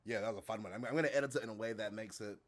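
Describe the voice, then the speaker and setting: A man's voice: lowish voice, rapid-fire. A man hosting a casual fight-sports podcast, teasing and swearing freely. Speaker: podcast host.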